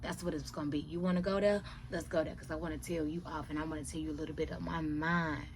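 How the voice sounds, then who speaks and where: Low-voiced woman chatting with hushed asides. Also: fairly even intonation, fast, noisy background. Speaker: reality TV reviewer. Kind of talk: casual chat.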